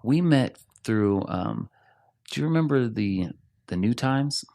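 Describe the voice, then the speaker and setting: A middle-aged man from Arizona, a rock singer, telling animated stories in a casual interview and laughing often. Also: mid-range voice, slow pace, vocal fry.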